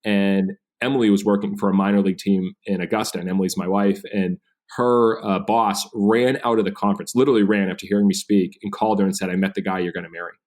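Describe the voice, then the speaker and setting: A man's voice: lowish voice, steady tone, fast talker, darkish tone. A man in his thirties, a podcast guest telling his story with energy and animation. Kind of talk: storytelling interview.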